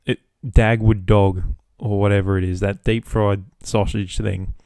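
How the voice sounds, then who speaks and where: A man's voice: fairly low pitch, flat delivery, measured pace, creaky, darkish tone, no echo, clean studio sound. A young Australian man hosting a solo podcast, rambling casually and swearing freely. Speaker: podcast host.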